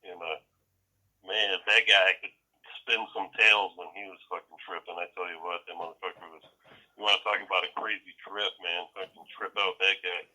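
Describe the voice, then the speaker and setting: Guy on a podcast rambling thru a wild story, swears a lot, bright husky voice, kinda low. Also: steady tone, moderate pace, low-quality recording. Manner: profane, rambling, laughs often. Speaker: podcast co-host. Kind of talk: casual storytelling.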